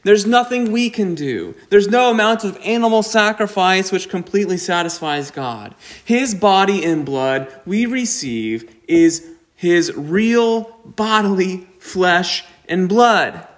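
Man, pastor, sermon, unhurried, slightly high voice, emphatic. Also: animated. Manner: slow, deliberate preaching with emphatic rises.

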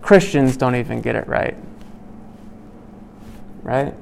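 A man leading a small Bible study group. He reads scripture aloud, then explains it in a loose, conversational way, asking "right?" often and pausing with "um.". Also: medium pitch, expressive, creaky, darkish tone, a little hiss or hum. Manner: many "um"s and restarts while explaining.

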